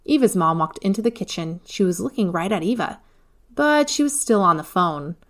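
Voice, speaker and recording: A woman narrating a children's storybook in a clear, even reading voice. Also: lowish voice, moderate pace.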